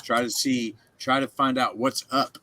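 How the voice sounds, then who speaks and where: A man playing a tabletop game, excitable and jumpy as he describes his character's actions. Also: medium pitch, unhurried. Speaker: player. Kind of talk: casual tabletop play.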